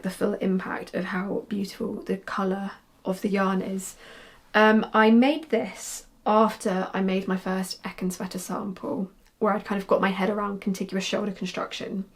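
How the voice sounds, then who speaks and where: A young woman, chatty and rambling, talking casually about her knitting projects with frequent ums and restarts. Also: medium pitch. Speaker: knitwear designer podcaster.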